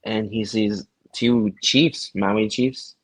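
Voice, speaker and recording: Male co-host, relaxed slangy recap chat, husky low voice, dry recording. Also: takes it slowly, dry recording, low-quality recording. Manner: laid-back, slangy, laughs often. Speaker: podcast co-host.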